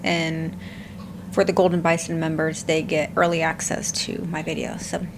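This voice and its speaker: Blunt woman, low voice, background hiss. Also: level tone, moderate pace. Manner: blunt, candid, swears offhand. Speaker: reaction channel host. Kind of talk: casual reaction commentary.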